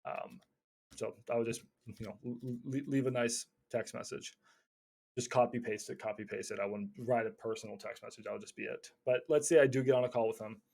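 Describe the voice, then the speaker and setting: A young man teaching casually about cold calling, acting out both sides of phone calls in lively voices. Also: mid-range voice, fairly quick, vocal fry. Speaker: real estate wholesaling coach.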